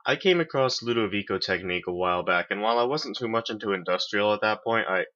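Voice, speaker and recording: A man's voice: lowish voice, fast, bright, forceful tone, dull audio. A man hosting a music review, reading his verdicts with dry sarcasm. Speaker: host, album reviewer. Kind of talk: semi-scripted review.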